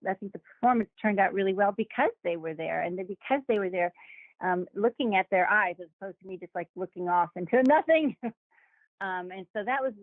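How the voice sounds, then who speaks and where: Woman guest, lively anecdote-teller, tinny dry call audio, average pitch. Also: gravelly, no room sound. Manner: animated, acts out quoted voices with laughs. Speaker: guest actor. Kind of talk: casual interview storytelling.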